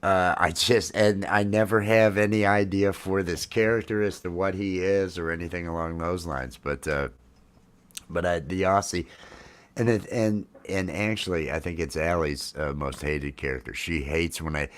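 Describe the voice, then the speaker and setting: Deep-voiced guy in his 50s just rambling on a live stream over coffee, lots of uhs. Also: fairly even intonation, moderate pace, clean tone. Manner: rambling, lots of fillers and restarts, folksy. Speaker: livestream host. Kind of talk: casual live chat. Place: home, drinking coffee while streaming.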